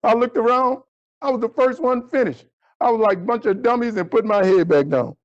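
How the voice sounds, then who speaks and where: Animated storytelling man, high voice. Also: a little fast, dull audio. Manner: animated storyteller acting out dialogue with big pitch jumps. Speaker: motivational speaker. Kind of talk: storytelling keynote speech.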